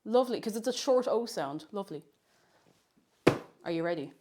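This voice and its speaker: A woman's voice: mid-range voice, lively intonation, moderate pace, heavy background noise. A woman chatting casually on a live stream while she cooks, playful and giggly, repeating words for fun.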